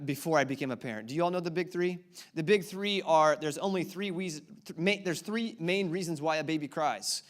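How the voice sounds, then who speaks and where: Preaching before his congregation in a church auditorium, this pastor in his thirties has a fairly high, fairly bright voice. He teases the crowd with a string of repeated questions as part of his sermon.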